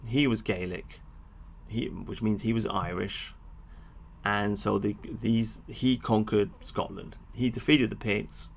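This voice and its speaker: A man giving an animated, sweary monologue to his viewers about history, with frequent asides. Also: lowish voice, takes it slowly, creaky, a little hiss or hum. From England. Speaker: history vlogger. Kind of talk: ranting monologue to camera.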